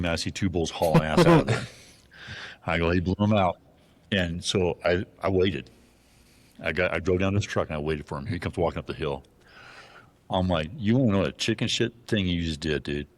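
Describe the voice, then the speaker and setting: A man telling a hunting story in a casual interview, animated and profane, acting out the voices of the people in it. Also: sits low. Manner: animated, profane, acts out dialogue in his stories. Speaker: guest.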